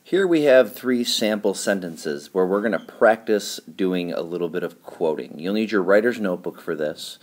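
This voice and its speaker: A man's voice: low-pitched, lively intonation, moderate pace, few pauses. A man teaching a writing lesson in a patient, explanatory way, often checking in with his students.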